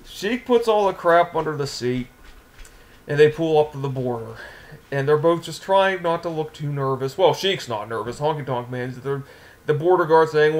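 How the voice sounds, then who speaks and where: A man casually telling an anecdote in an animated way, laughing often. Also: on the high side, normal speed. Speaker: storyteller.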